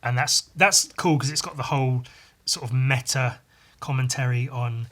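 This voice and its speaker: A man's voice: mid-range voice, normal speed, a bit bright. Rambling man musing on a solo podcast. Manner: rambling and hesitant, with frequent ums and restarts; laid-back and self-deprecating. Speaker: podcast host. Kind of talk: casual solo podcast monologue.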